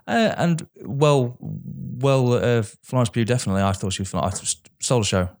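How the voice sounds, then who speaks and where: A man's voice: medium pitch, expressive, moderate pace, gravelly, darkish tone, soft background music. A man co-hosting a podcast, chatting casually about films, swearing and correcting himself as he goes. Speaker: podcast co-host. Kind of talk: casual film chat.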